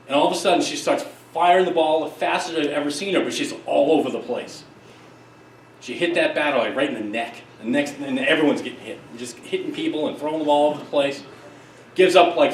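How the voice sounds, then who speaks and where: A middle-aged man giving a conference keynote, telling stories in an emphatic, lively way with quick asides. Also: on the high side, slight background noise. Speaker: keynote speaker, psychologist. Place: conference hall. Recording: echoey hall, distant mic, faint ambience.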